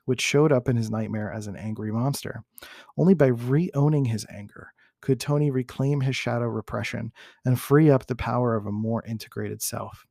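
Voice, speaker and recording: A male podcast host reads a case study aloud at a measured pace, now and then correcting himself mid-word. His voice carries a gravelly edge, recorded close and dry. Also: mid-range voice, warm tone, no echo. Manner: measured, with small self-corrections.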